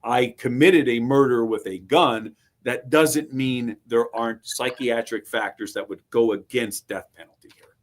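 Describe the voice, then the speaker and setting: A middle-aged man with a mid-range voice co-hosts a casual true-crime talk show. He speaks as a trial lawyer, measured and explanatory. Now and then he tells his own courtroom anecdotes. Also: medium pitch. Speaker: podcast co-host, trial lawyer. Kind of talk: casual legal commentary.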